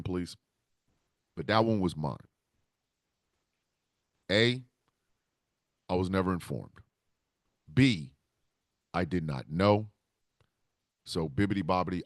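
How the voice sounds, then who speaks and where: Male podcast host, gravelly and lively, rambles heartfelt off the cuff, dry close sound. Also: deep voice, no echo. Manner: rambling and heartfelt, with frequent restarts. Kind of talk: casual solo talk.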